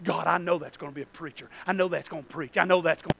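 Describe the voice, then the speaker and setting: A man preaching a sermon to a church congregation, swinging from low asides to shouted, drawn-out peaks. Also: steady tone, gravelly, husky, low-quality recording.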